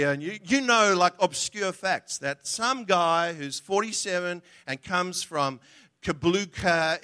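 A man's voice: on the high side, sharp tone. A man preaching a sermon in a conversational, humorous way, often asking the audience questions. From from outside Australia.

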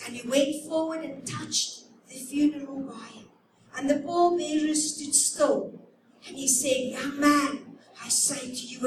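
A woman preaching a sermon, slow and emphatic, with dramatic pauses, in a church. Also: high voice, slight background noise. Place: church sanctuary. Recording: echoey church hall from a distant mic.

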